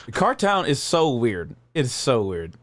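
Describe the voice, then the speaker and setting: A man appearing as a guest on a casual podcast, talking in a profane, joking, animated way. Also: medium pitch, slow pace, no echo, clean studio sound. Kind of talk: casual chat.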